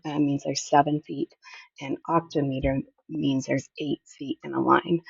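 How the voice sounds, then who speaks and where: A woman's voice: sits low, gravelly, husky, no echo. A woman teacher patiently explaining a lesson, thinking aloud as she goes. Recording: dull lo-fi audio, mic at a distance.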